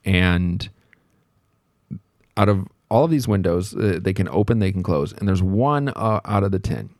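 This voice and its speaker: A man with a very low voice tells a story from his own working life, looping back on himself and poking fun at himself. The sound is close and dry, with no room around it. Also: expressive, a little slow, darkish tone, no echo. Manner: rambling, self-deprecating, reflective, many fillers. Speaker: podcast host telling a work story. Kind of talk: casual storytelling monologue.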